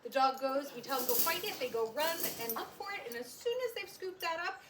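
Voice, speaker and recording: A woman dog trainer explaining recall practice outdoors, friendly and explanatory, with bright excited calls to a puppy. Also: high-pitched, quick pace. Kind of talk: instructional demo. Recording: outdoor, distant mic, noisy.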